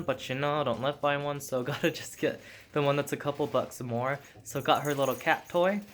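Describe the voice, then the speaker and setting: A man's voice: a little high, fairly bright tone, slight background noise. A young man in casual vlog chat, upbeat and filling his talk with "like". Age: young adult. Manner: chatty, upbeat, many "like"s. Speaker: vlogger.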